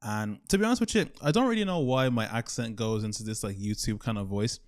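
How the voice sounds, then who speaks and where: A man's voice: lowish voice, lively intonation, quick pace. A man in his twenties, from Ireland, talking alone to the camera and thinking aloud in a rambling, self-questioning way. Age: 20s. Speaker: YouTuber. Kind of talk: solo reflective talk over gameplay.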